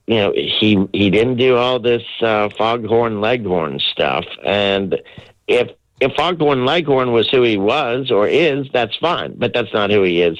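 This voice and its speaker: A man's voice: on the low side, fairly bright tone, no room sound. A man giving blunt, opinionated political commentary as a radio talk show guest. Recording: dry, muffled line.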